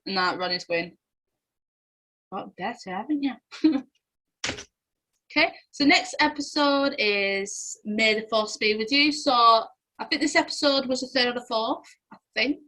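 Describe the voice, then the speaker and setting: Giggly young Englishwoman, a bit higher voice, quiz host reading answers off casually. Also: a little slow, bright, forceful tone, poor audio. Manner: giggly, chatty, often breaks into laughter.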